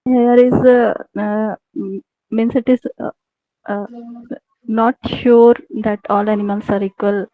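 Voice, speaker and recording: A female student answering a teacher, halting and unsure. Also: medium pitch, little pitch movement, no echo, phone-quality sound. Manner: hesitant, halting. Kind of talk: classroom answer.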